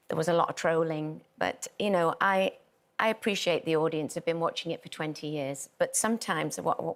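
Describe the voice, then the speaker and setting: Woman in her sixties, guest on a chat show, earnest and emphatic, lowish voice. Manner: earnest, emphatic, explains in detail. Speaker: guest, dance show judge. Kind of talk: casual studio chat.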